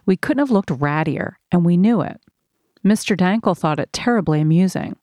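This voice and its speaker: A woman reading a first-person memoir aloud in a measured, earnest storytelling manner. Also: on the low side, lively intonation, dark tone, dry recording. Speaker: narrator.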